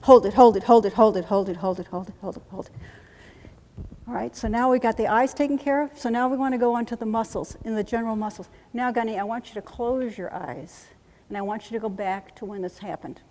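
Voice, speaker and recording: A woman trainer demonstrating a trauma-relief technique, calmly repeating soothing reassurances in a steady chant. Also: a little high, quick pace. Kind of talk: instructional demonstration. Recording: long reverb.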